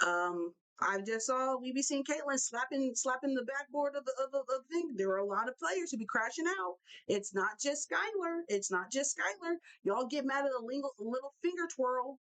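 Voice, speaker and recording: A young woman hosting a live basketball talk show, ranting in an animated way and repeating herself for emphasis. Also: high voice, normal speed, rough recording. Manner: animated, repetitive, fired-up ranting. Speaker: show host.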